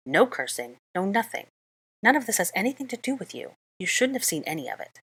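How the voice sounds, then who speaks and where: Woman reading as a brisk exasperated young witch. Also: medium pitch, sing-song, slightly rough, no echo, pitched above the performer's own voice.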